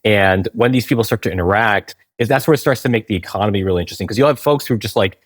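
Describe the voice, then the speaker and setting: Low-voiced man explaining, dry sound. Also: very fast, dry recording. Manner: explanatory, frequent "right?" and restarts. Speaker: game company founder, guest. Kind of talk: conversational interview.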